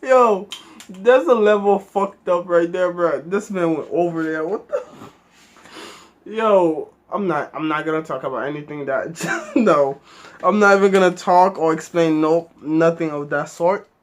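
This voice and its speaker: A man's voice: a little high, measured pace. A man hosting a reaction video, reacting with blunt, slangy exclamations. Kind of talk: casual reaction commentary.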